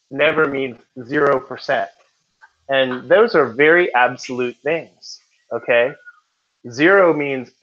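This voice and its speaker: A man's voice: medium pitch, fairly bright tone. A male test prep teacher giving a casual classroom lecture who keeps checking in with his students. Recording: dull lo-fi recording.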